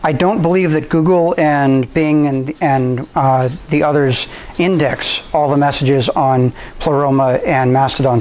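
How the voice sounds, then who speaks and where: A man's voice: fairly high pitch, rough recording. A man presenting a talk at a computer club, speaking in a loose conversational way with restarts and fillers. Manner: conversational, relaxed, with frequent restarts and ums. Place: university room.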